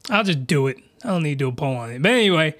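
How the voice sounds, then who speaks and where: A man hosting a podcast, delivering an excitable, slangy, rambling comedic rant full of mockery. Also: on the high side, racing, dry recording, clean studio sound. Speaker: podcast host reviewing anime.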